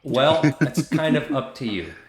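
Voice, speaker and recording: A man's voice: medium pitch, sing-song, a little slow. Man game master in an echoey room. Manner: casual, with fillers and laughs. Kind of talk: narrating a tabletop game. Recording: echoey room with faint noise.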